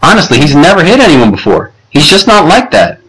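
A man's voice: a little high, wildly swooping pitch, brisk, a bit bright, slightly rough, pitched above the performer's own voice, full character voice, poor audio. A man reading aloud, voicing a worried, exasperated mother who pleads with her son and raises her voice. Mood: upset.

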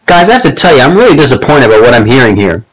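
A man's voice: medium pitch, big pitch swings, brisk, low-quality recording. A man voicing a caring but stern middle-aged mother in an audiobook, talking in an earnest, scolding way. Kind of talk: audiobook character voice.

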